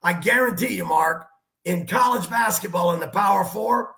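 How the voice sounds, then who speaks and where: A man's voice: high voice, moderate pace, gravelly, roomy sound. A man, a basketball coach, telling stories and giving emphatic sports analysis on a talk show. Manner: animated storyteller, emphatic.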